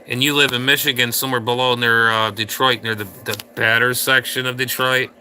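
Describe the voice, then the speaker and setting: A man's voice: medium pitch, fairly even intonation, a little fast, bright, forceful tone, slight background noise. Crude ranting male livestream host. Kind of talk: casual livestream chat with viewers.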